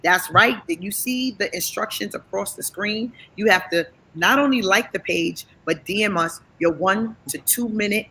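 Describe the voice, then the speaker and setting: A woman guest giving an upbeat, encouraging pitch in a gravelly voice. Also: moderate pace, few pauses, pushed and bright, slight background noise, poor audio. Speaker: guest co-presenter. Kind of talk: enthusiastic promotional talk.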